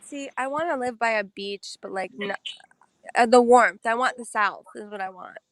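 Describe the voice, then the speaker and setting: Giggly higher-voiced woman. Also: moderate pace, a bit bright, no room sound. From upstate New York. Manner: giggly, chatty, breezy. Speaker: guest on a live chat. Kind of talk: casual chat on a live video call.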